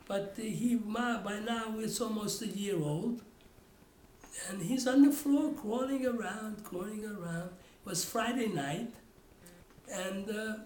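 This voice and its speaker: A man's voice: high voice, slight background noise. An older man tells family stories in an oral history interview. He rambles and restarts his sentences often. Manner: rambling storytelling with many restarts. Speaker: father telling family stories. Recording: roomy echo.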